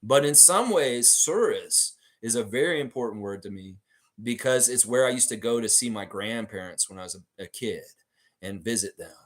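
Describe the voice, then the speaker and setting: Forties guy hosting a fan stream, super lively up-and-down voice, cussing while he reads chat. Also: moderate pace. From Canada. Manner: animated, swings between loud hype and low murmurs, swears freely. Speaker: fan channel livestream host. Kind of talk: casual livestream chat reading viewer comments.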